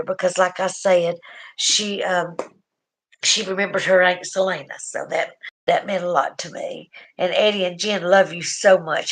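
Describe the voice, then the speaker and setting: A woman's voice: on the low side, gravelly, poor audio. A middle-aged woman with a Southern US accent, tearful, rambling through an emotional livestream chat and often trailing off. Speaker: livestream host.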